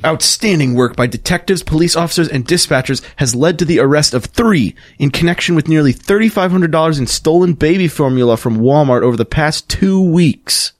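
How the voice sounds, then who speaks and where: A young man co-hosting a podcast, reading out news items and cracking wry, deadpan jokes. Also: a little high, a little fast, hardly any pauses, dry recording, clean studio sound. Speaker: podcast co-host. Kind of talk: casual comedic chat, reading news aloud.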